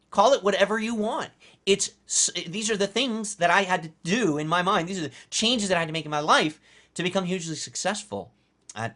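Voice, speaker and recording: Animated male motivational instructor. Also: mid-range voice. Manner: animated, emphatic, repeats key phrases. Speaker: course instructor. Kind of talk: motivational lecture.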